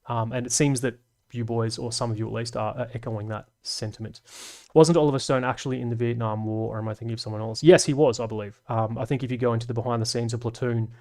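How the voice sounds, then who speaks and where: Man, streamer host, loose rambly chat, fillers, mid-pitched voice. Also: fairly even intonation, fast talker, a little mellow. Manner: rambling, self-deprecating, full of fillers. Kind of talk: casual live stream chat.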